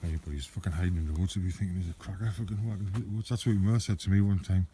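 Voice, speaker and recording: A man talks into a handheld camera outdoors in woodland, blunt and heavy on the swearing as he tells stories. His voice sits low and mellow. Faint outdoor noise hums under him. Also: fairly even intonation, very fast. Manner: blunt, swears heavily, storytelling. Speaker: outdoor vlogger. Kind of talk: casual chat walking in woods.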